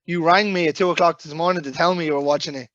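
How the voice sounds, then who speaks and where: A man co-hosting a podcast, bluntly teasing the guest in quick banter. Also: a little high, fairly even intonation, a bit bright, lo-fi sound. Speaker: podcast co-host. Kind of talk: casual banter.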